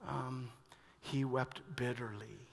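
A male pastor preaching a sermon, moving between hushed reflection and loud, urgent emphasis. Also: medium pitch, fairly even intonation, slow, gravelly. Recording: long reverb of a large hall.

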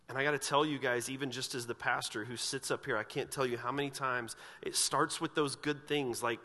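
This pastor's medium-pitched voice moves at a moderate pace with hardly any pauses, trailing a long reverb tail through the church sanctuary. Earnest and questioning, he asks his congregation searching questions and becomes animated as he recounts scripture scenes.

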